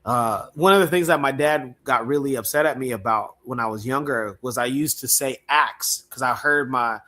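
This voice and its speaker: A man whose first language is Swahili, raised in the United States, chatting on a podcast in a relaxed, friendly way and starting his thoughts with "um.". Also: mid-range voice, moderate pace. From East Africa, raised in the United States. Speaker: podcast host. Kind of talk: casual podcast chat.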